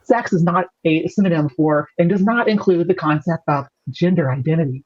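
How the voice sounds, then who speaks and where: A man's voice: fairly high pitch, normal speed, a little mellow, muffled recording. A man hosting a podcast, reading a document aloud with a playful, teasing delivery. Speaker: podcast host.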